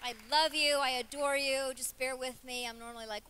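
A middle-aged woman guest preacher telling a personal story in a chatty, animated sermon to a church conference crowd. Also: high voice, a little fast, a little hiss or hum. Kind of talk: conversational sermon.

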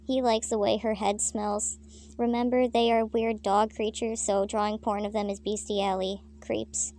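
A woman reading her own comic fanfiction aloud, deadpan with crude, swearing asides. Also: medium pitch, moderate pace. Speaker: fanfiction reader.

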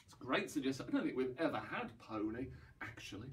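A man's voice: medium pitch, sing-song, quick pace, far from the mic, a little hiss or hum. A man leading an online library song session for young children, with a cheerful, encouraging manner. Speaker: library rhyme-time leader. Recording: voice away from mic.

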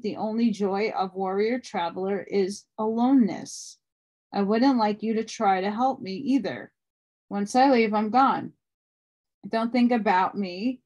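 A woman's voice: mid-range voice, lo-fi sound, natural voice. Old sorcerer teacher, read by a woman. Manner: calm, steady instruction. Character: old male sorcerer teacher, calm and firm.

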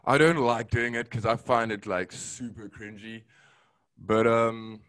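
A man from South Africa with a South African accent, whose first language is Afrikaans, speaking as a podcast guest in a relaxed, halting way. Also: lowish voice, clean tone, dry recording. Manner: relaxed, hesitant, many fillers. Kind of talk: casual conversation.

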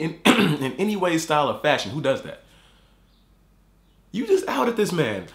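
A man's voice: on the high side, huge pitch swings, normal speed, reverberant. A man hosting a YouTube reaction video, ranting angrily and swearing, repeating himself as he fires off words. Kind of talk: angry profane reaction rant.

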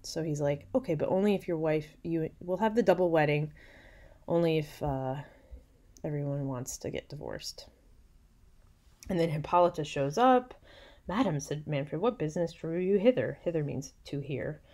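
A young woman with a low, mellow voice gives a relaxed literature lecture. She reads old passages aloud with theatrical flair, then recasts them in slangy everyday paraphrase. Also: normal speed. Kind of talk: casual recorded lecture, reading aloud and paraphrasing.

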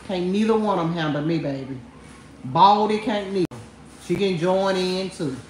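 A woman with a fairly low-pitched voice talks at a moderate pace, mocking someone and laughing straight to her livestream viewers in a trash-talking rant. The recording, made in an echoey room, has slight hiss or hum.

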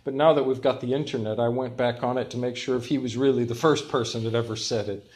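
Older male pastor, lively storyteller. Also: medium pitch, fast talker. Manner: lively storytelling with self-mocking humor. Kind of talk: sermon.

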